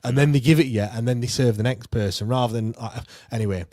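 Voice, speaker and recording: A man's voice: medium pitch, fast, a little mellow. A man hosting a casual football fan chat, talking in a chatty way with frequent restarts and reading out viewer comments. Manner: chatty, laughs often, frequent repeated restarts.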